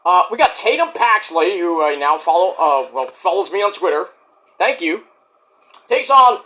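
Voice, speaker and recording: A man reviews a wrestling show in a loose, unscripted monologue. His voice sits high and bright, and his pitch leaps around constantly. He curses freely and bursts into shouted impressions of the people he talks about. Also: normal speed. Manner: animated, swears, switches to shouting impressions. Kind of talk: casual solo review rant.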